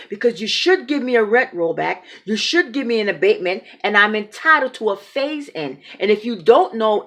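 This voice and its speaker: A woman, a public housing tenant, ranting angrily with emphatic, repetitive, indignant phrasing. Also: medium pitch. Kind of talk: angry rant vlog.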